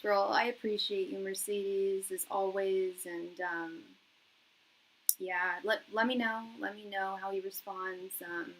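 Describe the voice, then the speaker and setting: A woman's voice: medium pitch, fairly bright tone, low-quality recording. Chatty young woman tarot reader. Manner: chatty, laughs often, fillers and repeats; reads viewers' chat messages aloud. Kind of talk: casual live-stream chat.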